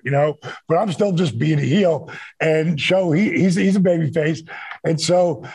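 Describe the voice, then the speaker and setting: Middle-aged man, gravelly and husky, slightly high voice, animated host spinning stories. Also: moderate pace, dry recording. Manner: animated, repeats words when excited. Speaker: co-host, former wrestler. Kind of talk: casual storytelling.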